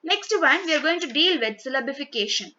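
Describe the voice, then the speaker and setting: A woman's voice: sits high, animated, a little fast, bright, forceful tone, a little hiss or hum. A woman teaching a grammar lesson, explaining step by step with frequent "okay" and spelled-out examples. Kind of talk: English grammar lecture. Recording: dull lo-fi sound.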